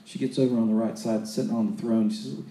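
A man's voice: lowish voice, fairly even intonation, fast talker, warm tone, reverberant. A man preaching a sermon, retelling Bible stories in a loose, conversational way full of restarts and acted-out quotes.

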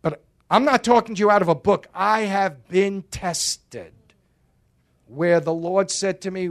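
A man preaching a sermon in a slightly high voice. His delivery is emphatic and dramatic. He breaks it up with joking asides. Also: unhurried.

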